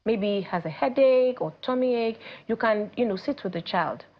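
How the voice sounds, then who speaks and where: Nigerian woman, parenting coach on a talk show, animated, quotes people in voices, a bit dull sound. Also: a little high, moderate pace. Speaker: teen coach guest. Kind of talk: studio talk show conversation.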